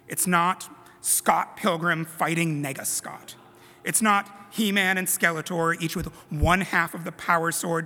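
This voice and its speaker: A man's voice: fairly high pitch, sharp tone, big-room sound. A man preaching a sermon to his congregation in a conversational way, with casual self-deprecating asides. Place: church sanctuary.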